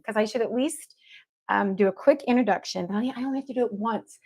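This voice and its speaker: A woman's voice: mid-range voice, quick pace, darkish tone. Effusive woman hosting a livestream. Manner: effusive and upbeat, repeats affection to the audience. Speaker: evidential medium hosting a livestream. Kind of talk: casual livestream chat to viewers.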